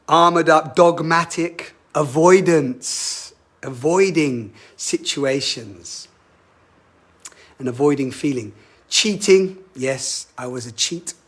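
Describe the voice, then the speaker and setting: A man's voice: fairly high pitch, slow pace, long pauses, fairly bright tone. A man giving a live-streamed spiritual talk as a workshop facilitator, earnest and self-reflective, often putting questions to his listeners. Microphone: webcam or phone mic on a live stream.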